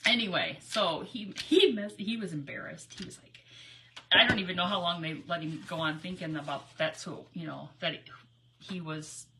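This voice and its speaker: A middle-aged woman chatting live as she crafts, rambling happily and giggling between stories. Her voice is bright and sharp, and a faint noise hums behind her. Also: on the low side. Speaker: crafting livestream host. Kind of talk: casual live crafting chat.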